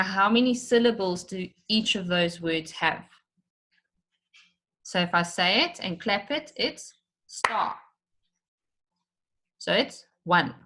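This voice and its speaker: A woman's voice: medium pitch, a bit bright. A woman teacher giving an online lesson for children, explaining step by step and stretching out words to show their syllables.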